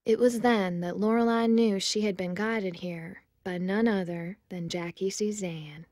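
A woman's voice: mid-range voice, fairly even intonation, measured pace, darkish tone, dry recording, studio quality, natural voice. A woman narrating a comedy voice-over with a wry, storytelling delivery.

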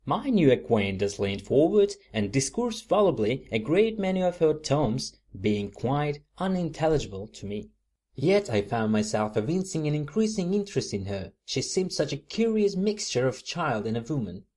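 A man reading a first-person audiobook in a measured, composed storytelling manner. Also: fairly high pitch, big pitch swings, a little mellow. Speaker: audiobook narrator.

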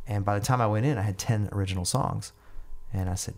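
Middle-aged male podcast guest; low voice, rambling storyteller who restarts lines. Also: fast talker, few pauses, darkish tone. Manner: rambling, repeats and restarts words. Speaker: guest musician. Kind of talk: casual storytelling.

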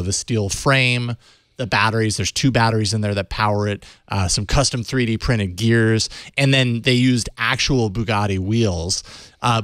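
A young man co-hosting a tech news show, chatting casually with easy jokes and quick laughs in a studio. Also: mid-range voice, fairly bright tone, no echo. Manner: easygoing, joking, quick laughs. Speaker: co-host. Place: studio with live audience.

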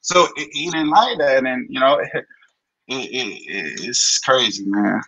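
A young man with a New Orleans accent recounts his story bluntly and with plenty of profanity. His voice is bright and forceful. The audio is dull and lo-fi. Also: medium pitch, slow pace, husky. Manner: blunt, profane, animated retelling. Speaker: guest, former football player. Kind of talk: candid interview storytelling.

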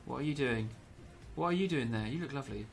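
A man's voice: mid-range voice, lively intonation, quick pace, creaky, soft background music. A young man commentating gameplay with a lot of energy, yelping, laughing and slipping into pirate growls.

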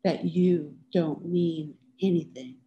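Bitter drunk invalid wife, dismissive and bossy, voiced by a woman reader in a low, mellow tone. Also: slow, roomy sound, lo-fi sound, slight background noise. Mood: defiant. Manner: slurred, dismissive, imperious.

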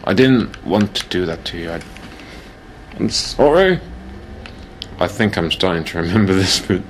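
Male let's play host, low voice, chatty and self-mocking, steady hiss behind him. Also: brisk. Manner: rambling, self-mocking, jokey. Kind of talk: casual gameplay commentary.

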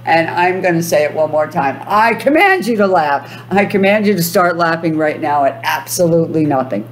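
A woman's voice: low-pitched, a little hiss or hum. A woman coaching her viewers on manifestation, giving commands again and again and breaking into laughter. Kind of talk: motivational self-help talk to viewers.

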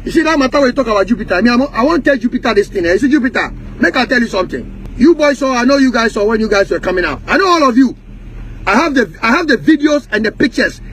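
A man's voice: extremely high pitch, expressive, fast talker, a bit bright, a little hiss or hum, rough recording. A man with a Ghanaian Pidgin English accent, delivering an angry, profane rant full of repeated accusations. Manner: heated, profane, repetitive accusations.

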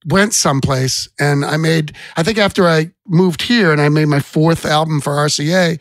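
A man's voice: fairly high pitch, moderate pace, dry recording. A middle-aged man and songwriter telling rambling stories as a guest on a casual podcast. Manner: rambling anecdotes with restarts. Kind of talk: casual storytelling chat.

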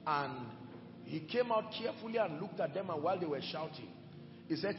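Man preaching hard, high lively voice, gravelly, big echoey hall w music behind. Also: a little fast, lo-fi sound. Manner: impassioned preaching with shouted peaks. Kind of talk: sermon.

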